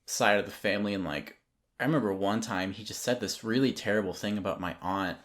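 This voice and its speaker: A man's voice: fairly low pitch, brisk, a bit bright. A young man telling a long personal story in casual, rambling podcast talk, full of ums and likes, mimicking people who nagged him. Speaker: podcast guest, photographer.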